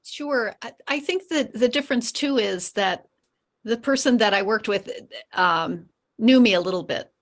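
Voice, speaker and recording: A woman on a video call from home, chatting casually and telling lively stories about a group program, acting out what people say. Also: a little high, unhurried. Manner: animated storyteller acting out quotes. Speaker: program member.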